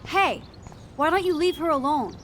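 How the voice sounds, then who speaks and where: A soft-spoken young student heroine. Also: female voice, sits high, animated, normal speed, faint music behind. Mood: defiant. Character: young woman student, quiet, earnest. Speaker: game protagonist.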